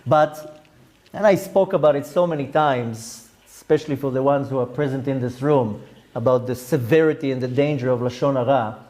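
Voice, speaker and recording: A man's voice: mid-range voice, darkish tone. A man, a rabbi giving a Torah lecture to a class, explaining step by step with terms and side notes. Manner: explanatory, with Hebrew terms and frequent asides.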